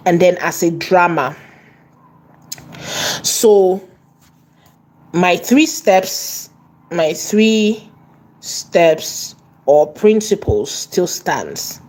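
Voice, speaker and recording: A woman teaching an online course, repeating and stressing key words and slowing down as she dictates. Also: fairly low pitch. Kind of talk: tutorial lesson.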